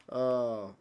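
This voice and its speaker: A young man with a very high, slightly mellow voice hosts a live football watch-along. He teases his chat with cheeky banter, laughs a lot, and tends to finish lines with "mate" or "pal" as he chats casually over the match.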